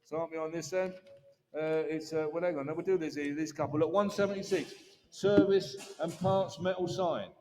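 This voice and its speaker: A man's voice: fairly high pitch, steady tone, normal speed, dark tone, faint music behind. A man calling bids at an auction, with chatty patter between prices. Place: large auction hall. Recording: distant reverberant hall, faint noise.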